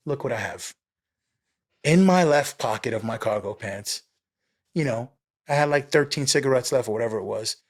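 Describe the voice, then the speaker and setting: Man, New York accent, police officer, casual storytelling, animated, mid pitch. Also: normal speed, long pauses. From New York City. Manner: animated, streetwise, swears casually, acts out both sides of a story.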